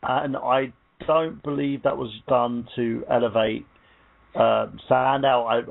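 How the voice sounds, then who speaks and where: A man on a radio panel giving measured, analytical opinions in casual talk. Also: medium pitch, creaky. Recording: phone-line audio.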